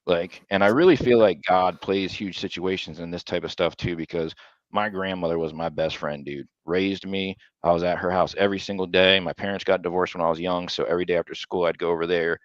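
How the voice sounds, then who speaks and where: A young man co-hosting a podcast, chatting casually and telling stories with animated asides that mimic other people. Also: low voice, a little fast, no room sound, highs cut off. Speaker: podcast co-host. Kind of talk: casual chat.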